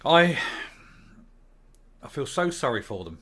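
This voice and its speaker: A man's voice: mid-range voice, animated, measured pace, fairly bright tone. Fired-up man ranting. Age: older. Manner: angry, swearing, emphatic outbursts. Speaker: channel host. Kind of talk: opinion rant to camera.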